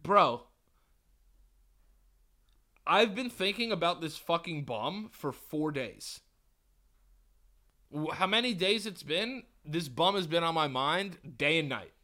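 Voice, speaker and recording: Bright-voiced man telling profane stories. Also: fairly high pitch, takes it slowly, long pauses. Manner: profane, animated storyteller. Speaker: podcast host. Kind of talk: casual storytelling chat.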